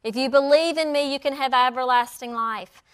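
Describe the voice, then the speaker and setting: A woman teaching a Bible lesson, acting out the quoted lines with lively storytelling. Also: high voice, normal speed, smooth. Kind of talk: sermon.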